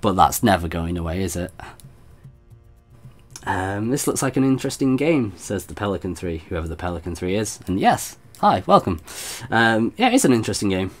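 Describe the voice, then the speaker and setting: A man's voice: low voice, big pitch swings, normal speed, faint music behind. A man giving chatty, self-deprecating commentary while streaming a game. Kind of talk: let's play commentary.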